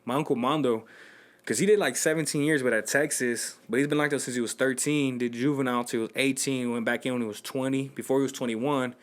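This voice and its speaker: Young male podcast host, quick slangy storyteller, mid pitch. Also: steady tone. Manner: loose slangy storytelling, acts out quotes. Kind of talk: casual chat.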